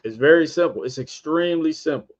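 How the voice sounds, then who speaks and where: Man, podcast teacher, informal scripture lesson, rhetorical questions, letter-by-letter spelling, dull lo-fi sound. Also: fairly high pitch. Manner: quizzes listeners with repeated rhetorical questions; spells out letters slowly, one by one. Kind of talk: informal religious teaching over a screen share. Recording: dull lo-fi stream audio.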